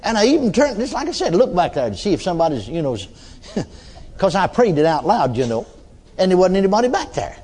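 A male preacher telling a story from the pulpit in a folksy, conversational manner. His voice sits a little high for a man and swoops up and down with lively movement. He laces the sermon with chuckling asides and keeps checking in with "you see". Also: a little fast. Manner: many restarts and filler tags like "you see".

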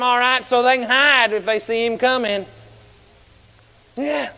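A man preaching a fiery sermon, shouting at times and telling stories in a colloquial way. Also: very high voice, measured pace, vocal fry, pauses often, clear, resonant tone. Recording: large hall with long reverb.

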